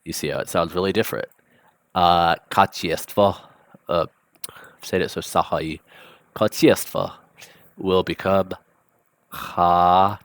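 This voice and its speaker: A man with a low voice teaches a language lesson in an easygoing, conversational way, often pausing with ums and thinking aloud. The recording is close and dry, with little room sound. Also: little pitch movement, no room sound. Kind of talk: casual vocabulary lesson.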